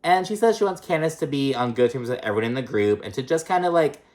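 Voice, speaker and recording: In a fast, medium-pitched voice, a host recaps a reality show episode with plenty of swearing, gossip, and fillers such as "like" and "um." She stays chatty and animated, putting on raised voices to mimic the cast.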